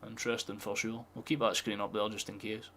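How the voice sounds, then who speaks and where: A man's voice: fairly low pitch, little pitch movement, quick pace, pushed and bright, slight background noise. A man streaming a live football watchalong, chatting casually and swearing freely as he reacts to the match.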